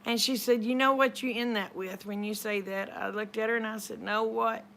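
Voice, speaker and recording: A woman's voice: fairly high pitch, steady tone, normal speed, vocal fry, fairly bright tone, a little hiss or hum. Chatty woman telling a story. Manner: chatty, retells conversations with lots of "she said". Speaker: vlogger. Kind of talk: casual storytelling.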